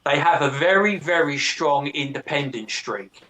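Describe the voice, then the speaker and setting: A man's voice: on the high side, unhurried. A man in casual chat, telling stories with lots of swearing and mimicking other people's voices. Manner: profane, animated storyteller who mimics others.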